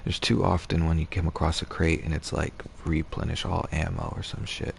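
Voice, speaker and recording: A man's voice: rumbling low, little pitch movement, normal speed, creaky, a little hiss or hum. A man streaming a game, chatting casually and rambling, with swearing and restarts. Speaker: gaming streamer. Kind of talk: casual gaming chat.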